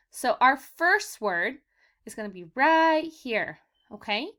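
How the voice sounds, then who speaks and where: A woman teacher leading a vocabulary lesson for young children, sounding out words slowly for them to repeat and calling them "my friends.". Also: high-pitched, fairly bright tone. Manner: slow, exaggerated word modeling for repetition; encouraging, addresses children as "my friends".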